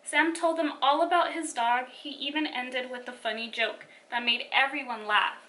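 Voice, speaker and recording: A woman from a children's ministry reading a picture book aloud to children in an animated storytelling manner. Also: high voice, normal speed, a little hiss or hum.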